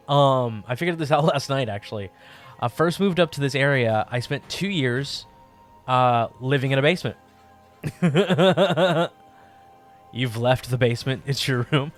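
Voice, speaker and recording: A man hosting a live art stream from his basement apartment, chatting casually with viewers, laughing often and restarting his sentences. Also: mid-range voice. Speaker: livestream host.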